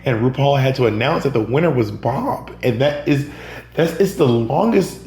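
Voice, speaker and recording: A man from Georgia chats as a podcast guest, telling stories with animated delivery and voicing the people in them. His voice carries a roomy echo, with a faint hum underneath. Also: mid-range voice, normal speed. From Georgia, USA. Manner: animated, acts out other people's lines in quotes. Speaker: podcast guest, drag performer and comedian. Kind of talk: casual storytelling in an interview.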